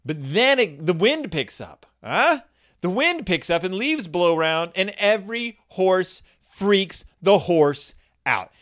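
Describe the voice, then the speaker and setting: A man tells a story with comedic sarcasm, his voice sitting a little high. His pitch swings widely as he riffs and slips into brief character impressions. The delivery is lively and conversational. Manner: animated, sarcastic, acts out characters in quick asides.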